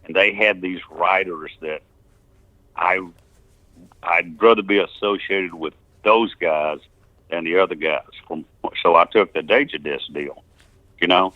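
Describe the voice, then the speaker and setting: Older man, from Texas, deep voice, chuckling storyteller, dry tinny phone sound. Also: no echo. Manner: rambling anecdotes with chuckles and restarts. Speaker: musician telling his story. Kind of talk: casual interview storytelling. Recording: tinny phone-line interview.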